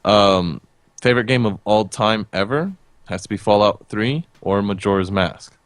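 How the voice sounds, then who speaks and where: Man, deep-ish voice, blunt, swears, casual gaming podcast, dry sound. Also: normal speed, no room sound. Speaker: podcast co-host.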